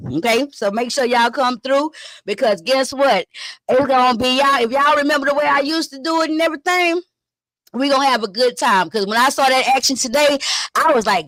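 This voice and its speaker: On a casual live stream, this high-pitched YouTube commentary host talks briskly, cursing freely and recounting online drama with theatrical gasps and laughter. The audio is close and dry, with no echo and hardly any room sound.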